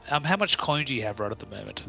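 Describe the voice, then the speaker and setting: Bright-voiced man playing a tabletop game. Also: fairly low pitch, lively intonation, fast, creaky, lo-fi sound, faint music behind. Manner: easygoing, chatty. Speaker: player. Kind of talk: casual tabletop play.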